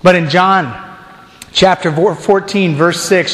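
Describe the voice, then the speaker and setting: A man preaching a storytelling sermon as a deacon, animated and acting out crowd voices. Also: sits high, brisk, reverberant, big-room sound. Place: church.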